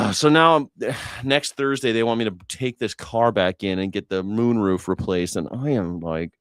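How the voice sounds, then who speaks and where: An independent news and culture commentator, his voice on the low side and unhurried, tells rambling, profane, jokey stories on a casual livestream and acts out what people said. The recording is dry, at studio quality.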